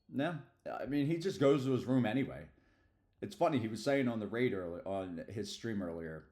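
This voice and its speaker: In casual livestream chatter, a middle-aged Philadelphia man rambles on with slang and loose asides. He speaks at a moderate pace in a lowish, darkish voice that is quite expressive.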